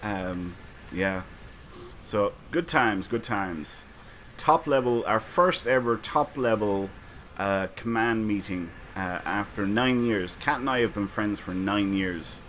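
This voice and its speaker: Male streamer, low-ish voice, easygoing rambling chat with viewers. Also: takes it slowly, fairly bright tone, slight background noise. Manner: rambling anecdotes, frequent fillers and chuckles. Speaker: streamer and community host. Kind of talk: casual livestream chat, reading chat comments.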